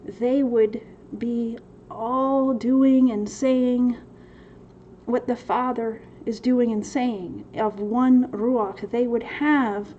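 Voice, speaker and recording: Woman host of a livestream Q&A, high-pitched and unhurried, answers chat questions with lots of laughter over a dull, faintly noisy computer mic. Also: steady tone. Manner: laughs often, reads chat questions aloud. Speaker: host of a Bible study Q&A. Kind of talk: livestream Q&A teaching. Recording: slightly dull sound with faint noise.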